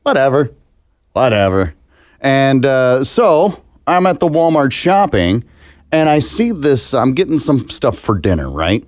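A man co-hosting a podcast, telling stories in a loose, animated way, swearing and slipping into silly voices. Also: medium pitch, measured pace, no echo. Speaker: podcast co-host. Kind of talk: casual chat.

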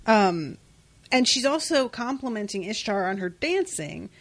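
A woman co-hosting a casual podcast chat about comics, animated and laughing often as she retells scenes. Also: medium pitch, unhurried. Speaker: podcast co-host.

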